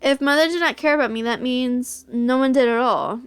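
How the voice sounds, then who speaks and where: A woman's voice: high-pitched, moderate pace, clean tone. A young woman reading a visual novel aloud, narrating as the heroine and gushing in reaction. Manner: squeals and gushes when reacting.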